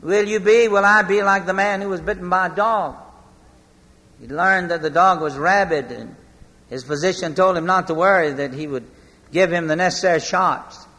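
A male pastor preaching a sermon, storytelling and slowing for emphasis, heard with long hall reverb. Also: sits high, sharp tone.

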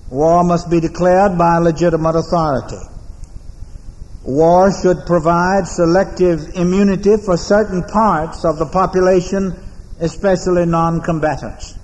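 An American man preaching a sermon as pastor, in a measured, solemn oratorical manner with deliberate pauses, in a large church sanctuary. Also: high voice, a little mellow. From United States. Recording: long reverb of a large church hall.

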